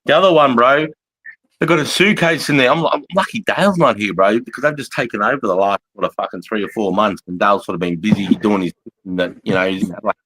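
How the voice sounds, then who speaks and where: A man's voice: lowish voice, a bit bright, rough recording. Blunt swearing Australian man ranting. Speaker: live stream host. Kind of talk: casual live chat.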